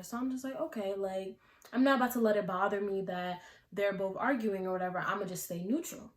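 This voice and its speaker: A woman's voice: medium pitch, fairly quick. A young woman vlogger telling a story in a casual, slangy way, filling her talk with "like". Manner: chatty, slangy, many "like" fillers. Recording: echoey room.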